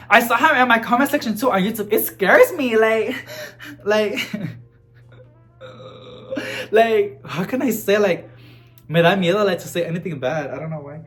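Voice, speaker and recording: A man vlogging about houseplants in a chatty, animated way, full of casual fillers. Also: a little high. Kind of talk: casual chat to camera.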